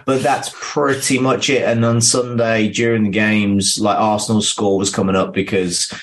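Male sports-science pundit, 40s, lowish voice, lively and stop-start. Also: moderate pace. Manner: animated, restarts mid-thought. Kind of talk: casual chat and explanation.

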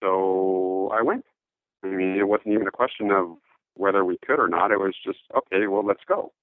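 A man answering interview questions in casual talk, halting, with many fillers and restarts, heard over a phone line. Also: low voice, no echo. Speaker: interview guest, note investor.

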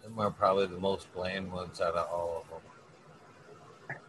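A man in relaxed casual chat with a slow, drawling delivery. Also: low-pitched. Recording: noisy background.

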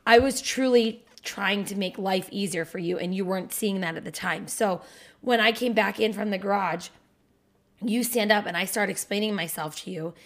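A woman in her thirties co-hosting a casual podcast, telling a story loudly and animatedly, swearing often. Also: medium pitch, moderate pace. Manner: loud, profane, animated storytelling. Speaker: podcast co-host. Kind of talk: casual couple podcast chat.

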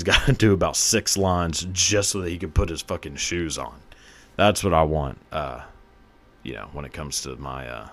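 A young man hosting his own podcast, talking casually in a crude, profane, joking way and laughing often. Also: low-pitched. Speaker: podcast host. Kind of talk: casual solo podcast monologue.

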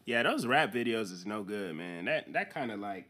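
A man's voice: fairly low pitch, lively intonation, moderate pace, pushed and bright. A man co-hosting a podcast, chiming in with laid-back jokes and asides. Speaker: podcast co-host. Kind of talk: casual chat.

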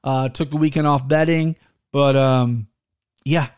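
A man in his thirties hosts a podcast, telling stories in a loose, profane, rambling way and restarting often. His mid-range voice is smooth and darkish, with fairly even intonation and an unhurried pace.

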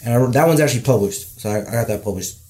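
Young man talking fast about his path. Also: mid-range voice, a little mellow. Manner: rapid, filler-laden, enthusiastic. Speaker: guest. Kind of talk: casual conversation.

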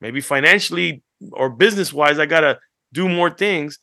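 A man co-hosting a podcast, telling animated stories that act out what others said, swearing freely as he chats. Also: a little high, moderate pace, creaky, no room sound, clean studio sound. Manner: animated storyteller, acts out quotes, swears freely. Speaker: podcast co-host. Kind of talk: casual chat.

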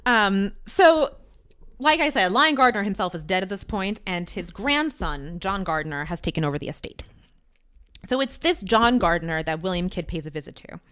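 A woman's voice: medium pitch, expressive, moderate pace, fairly bright tone, smooth. A woman co-hosting a podcast, telling a history story casually with many asides. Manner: chatty, with frequent "um" and asides. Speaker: podcast co-host.

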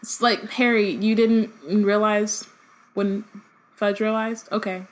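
A woman's voice: mid-range voice, flat delivery, slow, rough recording. A woman co-hosting a casual book discussion, reading passages aloud and breaking off into sarcastic, laughing asides. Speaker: podcast co-host reading aloud.

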